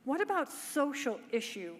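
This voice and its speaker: A woman with a fairly high voice delivers a conference lecture. She keeps throwing rhetorical questions at the audience. The recording has a long hall reverb and faint background noise. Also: sing-song, moderate pace. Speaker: nurse researcher presenting at a conference.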